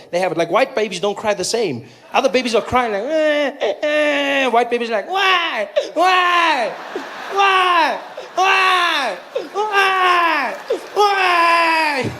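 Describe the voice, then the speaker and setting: A South African man performing stand-up, his voice sitting high for a man. He tells animated stories and suddenly leaps into loud, shrill voices for the people he quotes. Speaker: stand-up comedian. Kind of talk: stand-up comedy set.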